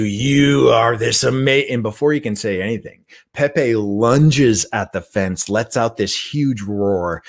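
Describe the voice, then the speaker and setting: A middle-aged man giving a motivational talk, telling a story in an animated, conversational way and often checking in with the listener. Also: lowish voice. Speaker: guest trainer and speaker.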